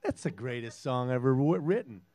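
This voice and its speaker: A man's voice: mid-range voice, lively intonation, normal speed. A man from Minnesota with a Minnesotan accent, a guest musician chatting casually between songs in a garage studio, joking and self-deprecating in a rambling way. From Minnesota, USA. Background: guitar.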